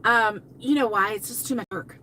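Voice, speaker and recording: An older woman who hosts a crochet channel live streams from inside her car, speaking in a mid-range, sharp-toned voice at a moderate pace with slight background noise. She rambles casually, laughs often, and reads out viewer comments.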